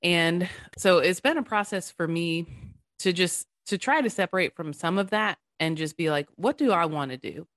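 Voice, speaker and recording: A woman's voice: fairly low pitch, normal speed, fairly bright tone, no echo. A woman in her thirties, a podcast guest talking earnestly and animatedly, laughing easily. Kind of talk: casual conversation.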